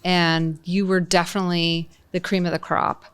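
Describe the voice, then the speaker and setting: A woman hosting an interview podcast, talking in an effusive, chatty way full of praise and quick restarts. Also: lowish voice, level tone, a bit bright, clean tone, no room sound. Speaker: podcast host. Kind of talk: conversational interview.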